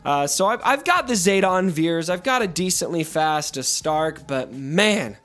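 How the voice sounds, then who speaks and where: A man's voice: fairly high pitch, animated, measured pace, fairly bright tone. A man hosting a casual gaming commentary video, talking in a playfully dramatic, mock-mournful way. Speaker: gaming YouTuber host.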